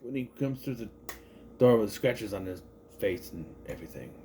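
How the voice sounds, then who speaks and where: Rambling man with a lively voice. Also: fairly low pitch, moderate pace, a little hiss or hum. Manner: rambling, self-correcting, thinks aloud with many restarts. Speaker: movie reviewer. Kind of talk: casual spoken movie review.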